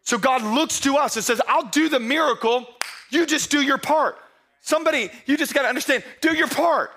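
A man preaching a humorous sermon, telling the story playfully and acting out the characters in hushed asides. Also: a little fast. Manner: playful storytelling, acts out disciples in low hushed voices. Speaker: pastor.

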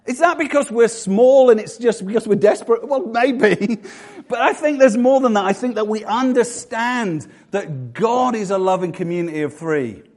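A man's voice: high voice, moderate pace, a little mellow. A middle-aged man preaching a sermon as pastor in a church, chatty and self-mocking, with frequent restarts and jokes to the congregation.

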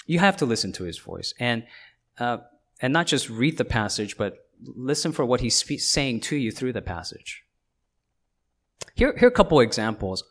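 Speaking in a lowish, slightly bright voice, a male pastor preaches conversationally. He frequently restarts phrases and asks his audience "right?" to check in.

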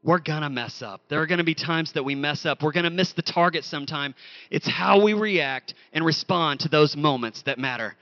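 A man preaching a sermon, telling a story with animated, acted-out quotes. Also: fairly high pitch, fairly quick, no room sound, muffled recording. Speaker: pastor.

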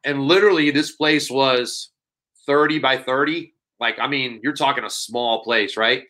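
A man's voice: medium pitch, a little slow, pushed and bright. A man, a podcast guest, telling stories in a casual, rambling way with many fillers. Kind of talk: casual storytelling.

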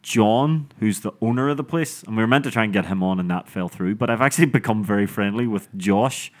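A man hosting a podcast, telling stories in casual banter with lively voices for the people in them. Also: on the low side, brisk. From Ireland. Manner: animated storytelling, laughing often. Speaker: podcast host.

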